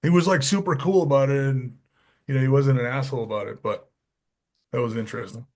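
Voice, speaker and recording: A man telling stories on a podcast, often dropping his voice low to act out what others said. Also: quick pace. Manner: animated, acts out quotes with lowered voice. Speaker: podcast guest, former wrestler. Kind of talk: casual storytelling.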